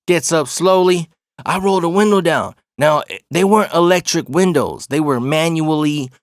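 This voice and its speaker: A man's voice: fairly high pitch, no room sound, studio quality. Profane, slangy man telling a story. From Arizona. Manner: profane, slangy, animated retelling. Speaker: storyteller host. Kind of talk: casual storytelling.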